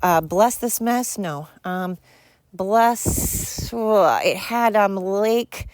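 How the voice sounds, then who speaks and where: A woman's voice: mid-range voice, extremely slow, a little mellow. Blunt, exasperated woman ranting. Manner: blunt, crude, exasperated, rambling with fillers. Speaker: podcast host. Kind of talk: solo opinion podcast rant.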